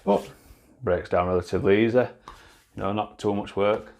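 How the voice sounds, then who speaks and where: Low-voiced Yorkshire man chatting bluntly. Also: normal speed, gravelly, a little mellow, a little hiss or hum. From Yorkshire, England. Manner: blunt and chatty, swears freely, trails into restarts. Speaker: beard product reviewer. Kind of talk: casual product review chat.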